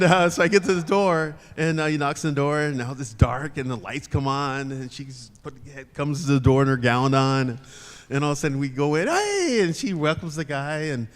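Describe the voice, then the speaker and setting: An older man with a somewhat raised voice spins a chatty story for a live crowd, chuckling as he goes. His voice rings with a long reverb from the club venue. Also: on the high side. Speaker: guest, former football player. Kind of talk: anecdote told to a live audience. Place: club room at a live show event.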